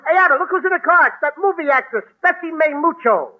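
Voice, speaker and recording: An excitable childlike sidekick, very high voice, tinny phone-like old radio sound. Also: male voice, fast. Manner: excitable, whiny comic delivery. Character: childlike, boastful comic sidekick. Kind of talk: 1940s radio comedy acting.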